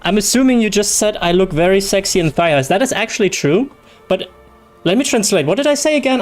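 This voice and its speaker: A man's voice: high-pitched, expressive, fairly quick, faint music behind. A young man whose first language is German, chatting casually and rambling with jokes and laughter as a game streamer. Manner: rambling, joking, laughs often. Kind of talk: casual livestream chat.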